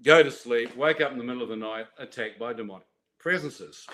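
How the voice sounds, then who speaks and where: Man, personal testimony, animated storytelling, acts out voices, laughs along. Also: medium pitch, fairly quick. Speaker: speaker telling his testimony.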